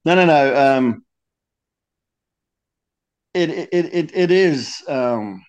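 A man's voice: a little high, expressive, slow pace, a little mellow, smooth, dull audio. A man with a South African accent, a lure designer talking as a guest on a podcast interview, chatty and often repeating words as he searches for them.

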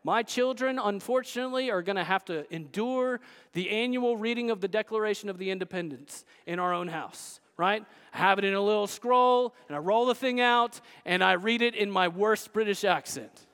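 A man preaching a sermon as pastor, emphatic, swinging between loud declarations and hushed asides. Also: high-pitched, normal speed, hardly any pauses, smooth, long reverb tail.

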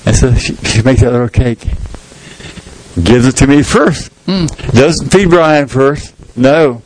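A man's voice: mid-range voice, measured pace, slight background noise, low-quality recording. Folksy storytelling pastor, man's voice. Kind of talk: sermon. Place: church sanctuary.

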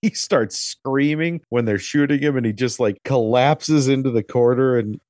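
This podcast co-host, a man in his forties, talks at a moderate pace in a mid-range voice, with studio-quality audio and no echo. He recaps movies casually, spinning animated stories and swearing freely.

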